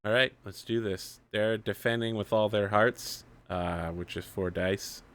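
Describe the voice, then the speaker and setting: A man acting as game master, explaining the rules in a relaxed way and laughing easily. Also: lowish voice, a little slow. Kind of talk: running a tabletop game.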